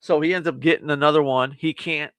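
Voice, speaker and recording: A man's voice: on the high side, brisk, clear, resonant tone, no room sound. A man co-hosting a movie review podcast, animatedly retelling a film's plot and acting out the lines. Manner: animated storyteller, acts out quotes, laughs often. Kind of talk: casual chat, retelling a film plot.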